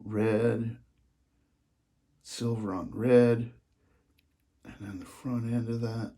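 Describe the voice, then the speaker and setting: A man talks slowly through his model train collection, his voice mellow and dark. He gushes over each piece, now and then dropping into hushed, breathy asides. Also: mid-range voice. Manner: excited, gushing, trails off in hushed asides. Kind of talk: casual hobby vlog.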